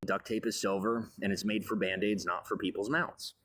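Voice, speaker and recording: A man's voice: lowish voice, fairly even intonation, normal speed, a bit bright, slightly rough. A man giving a grandiose, meandering monologue about his life and advice. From raised on a farm. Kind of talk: rambling monologue.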